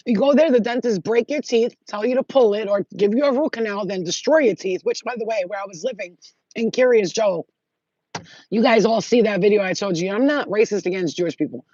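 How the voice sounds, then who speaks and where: Husky woman ranting profanely. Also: mid-range voice, fairly quick, warm tone, dry recording. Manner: profane, blunt and rambling. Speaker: spiritual vlogger. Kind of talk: rambling casual monologue. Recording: dull lo-fi audio.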